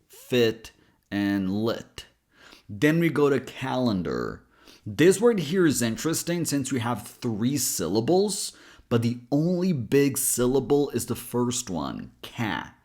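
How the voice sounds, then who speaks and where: Male pronunciation coach, mid-pitched, plain and direct, breaks words down slowly. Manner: direct, explains sounds slowly and models them. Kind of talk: pronunciation lesson.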